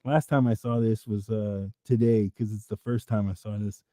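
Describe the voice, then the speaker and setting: A man's voice: lowish voice, steady tone, moderate pace, dark tone, no echo, clean studio sound. A man hosting a livestream, reading chat and riffing through improvised comic rambles that swear freely.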